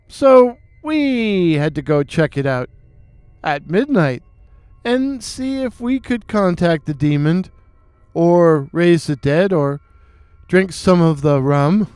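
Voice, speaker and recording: A man narrating a listener's story aloud, dramatic, with dry deadpan asides. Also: a little high, slow, clear, resonant tone, no echo. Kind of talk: reading listener stories aloud.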